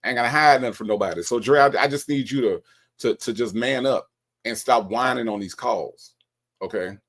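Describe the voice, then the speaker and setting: A man's voice: mid-range voice, fairly quick, a bit bright. A man giving blunt, scolding commentary in a casual, mocking way. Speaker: commentator reacting to a call recording.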